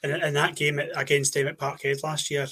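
A Scottish man chatting about football as a podcast co-host. His pitch sits a little high but barely moves. He speaks in a wry, steady way. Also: brisk, creaky, breathy edge. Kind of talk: casual football chat.

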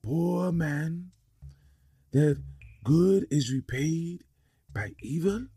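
A man voicing a sly, pleading snake in a storytelling podcast, drawing out each word slowly. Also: fairly high pitch, dark tone, slightly rough, pitched above the performer's own voice, full character voice. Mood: menacing. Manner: slow drawn-out hissing pleas.

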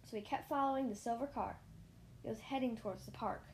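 A woman narrating a children's story in the first person, lively, with small slips and restarts. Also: on the high side, quick pace, slight background noise. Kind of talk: reading a children's story aloud.

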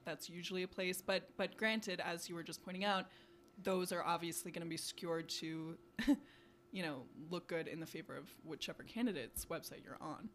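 A young woman co-hosting a podcast in casual chat, talking quickly with lots of fillers like "you know" and "like". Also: fairly low pitch, fairly bright tone, a little hiss or hum. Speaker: podcast co-host.

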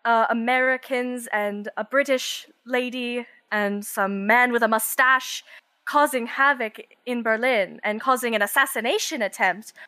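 A woman's voice: a little high, measured pace, pushed and bright, no echo. Woman playing an earnest lone traveler. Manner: earnest, explaining at length. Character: wary woman traveler seeking an ally.

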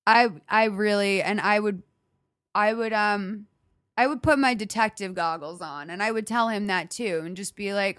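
A woman's voice: medium pitch, normal speed, a bit bright, no echo, studio quality. A woman hosting a podcast, giving blunt, profane advice in casual chat. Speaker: podcast host.

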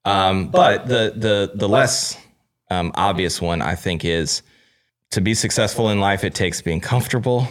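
Man, very low pitch, podcast guest, candid, self-deprecating, casual chat. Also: measured pace. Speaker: guest, staging company owner.

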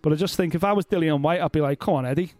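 A man's voice: fairly high pitch, rapid-fire, darkish tone, slight background noise. A man co-hosting a podcast, chatting casually and bluntly about boxing with plenty of swearing and jokes. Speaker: podcast co-host.

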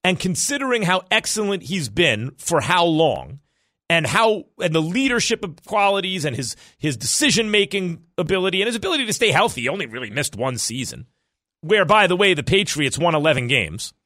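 A man hosting a sports talk radio show, arguing his opinions in a fast, animated, self-correcting way. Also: high-pitched, no room sound, clean studio sound.

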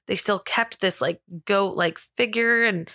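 Woman, podcast co-host, bright crisp voice, dry close sound, giggly and self-mocking. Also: mid-range voice, measured pace, dry recording. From America. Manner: giggly, self-deprecating, stumbles over reading. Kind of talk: casual podcast chat.

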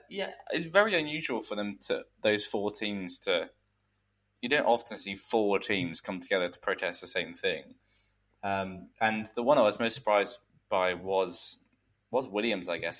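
A man co-hosting a podcast, talking in a relaxed, rambling way. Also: lowish voice, moderate pace. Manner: relaxed, rambling, many fillers. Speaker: podcast co-host. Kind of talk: casual chat.

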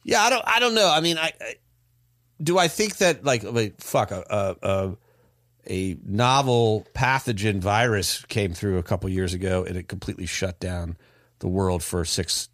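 A man's voice: on the low side, moderate pace, fairly bright tone, no room sound. Man, podcast host, casual chat, hesitant, musing, dry recording. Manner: hesitant, many restarts, musing.

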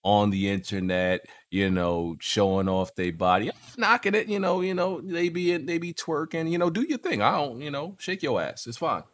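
A man's voice: mid-range voice, animated, normal speed, few pauses. A young man hosting a casual gaming podcast, telling stories with lots of slang and repeated words. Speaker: podcast host.

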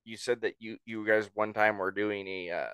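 A man's voice: fairly low pitch, steady tone, moderate pace, fairly bright tone, clear, resonant tone, no echo. A man hosting a casual podcast chat, laid-back and agreeable.

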